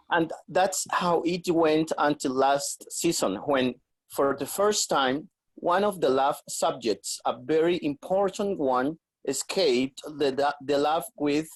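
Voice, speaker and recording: Colombian male student on a video call, slow, stumbles over words while reading. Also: fairly high pitch, rough recording. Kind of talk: reading aloud in class.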